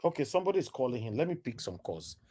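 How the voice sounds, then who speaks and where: A man's voice: mid-range voice, very animated, racing, warm tone, breathy edge. Nigerian guy hosting a call-in stream, voice rises and dips a lot, preachy rhetorical questions. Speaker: live show host taking calls. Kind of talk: live call-in commentary.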